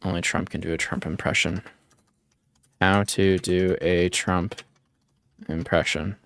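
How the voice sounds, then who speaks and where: A man's voice: sits low, little pitch movement, unhurried, gravelly, fairly bright tone, clean tone. A man hosting a livestream, chatting casually, joking and teasing, and reading chat messages aloud. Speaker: livestream host.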